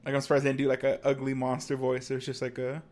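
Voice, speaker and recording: A man's voice: mid-range voice, completely flat delivery, quick pace, darkish tone. A man co-hosting a podcast in casual chat, talking loosely with many fillers and restarts. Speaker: podcast co-host.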